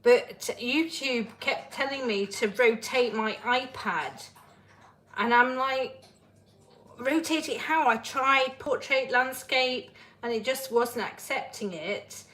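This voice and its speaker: Flustered woman, slow and echoey. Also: a little high, a bit bright. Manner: flustered, self-mocking, laughing at her own mishaps. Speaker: artist live-streaming. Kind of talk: casual live-stream chat. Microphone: phone on a shelf above her. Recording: echoey room, faint ambience.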